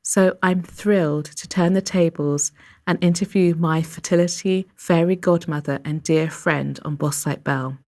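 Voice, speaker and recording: A woman in her forties hosting a podcast, speaking softly and reflectively, with many "you know"s as she shares a personal story. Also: fairly low pitch, steady tone, normal speed. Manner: soft-spoken and reflective, with frequent fillers. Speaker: podcast host.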